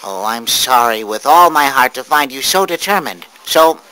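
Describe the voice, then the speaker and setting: A man's voice: medium pitch, lively intonation, moderate pace, sharp tone, rough recording. A man playing a cheerful, earnest young nephew in a radio drama. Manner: earnest, pleading.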